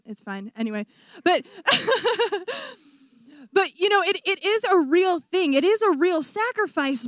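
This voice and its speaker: A young woman in her twenties who is a missionary, giving an animated testimony to a church audience and acting out the voices she quotes. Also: high-pitched, no echo, clean studio sound. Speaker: missionary speaker.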